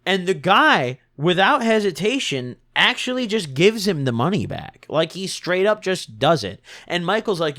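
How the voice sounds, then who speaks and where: A young man telling a storytime vlog in an animated, slangy and profane manner. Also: fairly high pitch, normal speed, few pauses. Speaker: vlogger.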